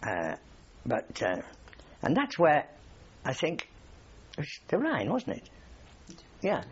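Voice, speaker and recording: A man's voice: on the high side, huge pitch swings, slow pace, slightly rough, dull audio. An older man, a war veteran, telling rambling anecdotes in an oral history interview and chuckling often.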